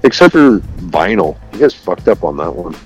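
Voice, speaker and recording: A man's voice: sits low, big pitch swings, moderate pace, faint music behind, rough recording. A man co-hosting a radio show by phone in casual banter, laid-back and swearing often. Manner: laid-back, swears a lot, says bro. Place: at home, on a phone line.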